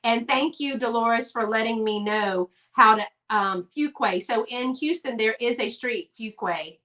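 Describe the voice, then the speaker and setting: Lady doing a live sale stream, kinda high bright voice, chatty n apologetic. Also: measured pace. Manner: chatty, apologetic, gushing over items. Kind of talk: casual live-stream selling.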